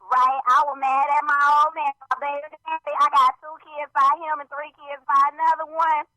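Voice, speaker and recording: A woman's voice: high voice, level tone, normal speed, bright, forceful tone, dry recording, faint music behind, low-quality recording. A woman doing a brash sassy caller. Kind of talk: comic prank voicemail.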